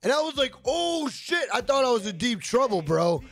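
A gaming streamer talks fast in an extremely high voice with lively intonation. While live-streaming a game, he rambles, jokes, swears freely, and reads his viewers' messages out loud.

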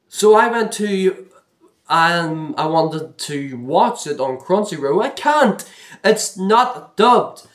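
A man's voice: high-pitched, roomy sound. A man ranting casually to camera, exasperated and complaining, rambling and repeating himself with many restarts. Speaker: vlogger.

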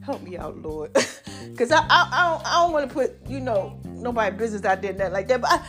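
A woman hosts her own podcast in a lively, drawn-out way, calling out "baby" and "y'all" as her pitch swoops high and low. Her voice sits on the higher side and sounds a little strained from allergies. Faint music plays underneath. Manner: animated, drawn-out preacher-like delivery with "baby" and "y'all". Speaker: podcast host. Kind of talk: solo podcast talk.

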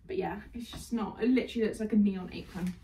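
A woman's voice: medium pitch, quick pace, dark tone. A young woman chatting casually and bubbly through a dress haul, laughing often. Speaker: fashion vlogger. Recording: distant mic, faint room noise.

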